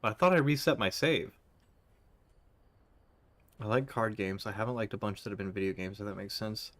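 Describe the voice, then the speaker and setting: A young man chats on a live stream, rambling between chat messages with plenty of fillers. His voice is on the low side and recorded close and dry at a desk mic. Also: fairly bright tone, no room sound. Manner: rambling, filler-heavy, reads chat aloud.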